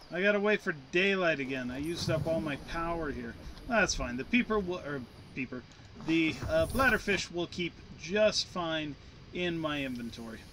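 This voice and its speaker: A man with a fairly high, bright voice and a forceful tone chats to himself in a casual, playful way while playing a game. Game music plays behind him, and there's a slight hiss or hum on the recording.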